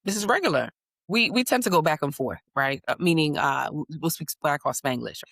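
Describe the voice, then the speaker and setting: Woman, gravelly voice, dry close sound, animated storyteller, born in the United States. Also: low voice, a little fast, no echo. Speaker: guest. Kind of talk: conversational interview.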